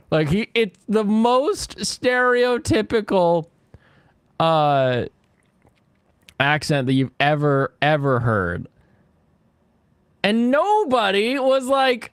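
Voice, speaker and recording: A man's voice: high-pitched, slow pace, long pauses, dry recording. A man streaming a game who chats, rants and laughs often, speaking into a close desk mic. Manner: animated, ranting, laughs often. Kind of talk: casual gaming stream chat.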